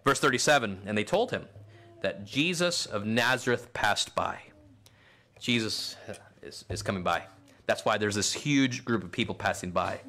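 A middle-aged man preaching a sermon, dropping low and then rising to near-shouts for emphasis. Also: expressive, moderate pace. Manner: swings from quiet to shouted emphasis. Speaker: pastor.

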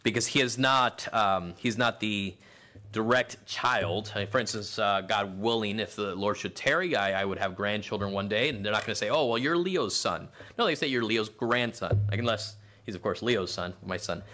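A middle-aged man preaching a sermon, dropping low and then rising to near-shouts for emphasis. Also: normal speed. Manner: swings from quiet to shouted emphasis. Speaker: pastor.

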